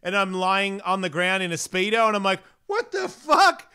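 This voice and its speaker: Aussie guy hosting a podcast, swears a lot, acts out his stories, smooth clear voice, kinda high. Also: fairly quick. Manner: crude, animated storytelling with acted-out quotes. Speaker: podcast host. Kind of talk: casual chat.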